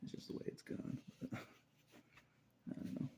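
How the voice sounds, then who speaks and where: A man's voice: measured pace, mellow. A man talking in a rambling, confessional monologue, repeating phrases and chuckling between thoughts.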